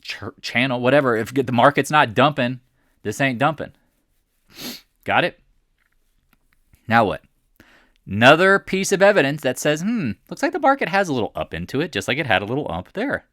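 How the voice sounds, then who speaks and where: A man's voice: medium pitch, sing-song, normal speed, pauses often, a bit bright, no room sound, studio quality. A man walking through stock charts in casual commentary, blunt and mocking, firing off rhetorical questions. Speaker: market commentator.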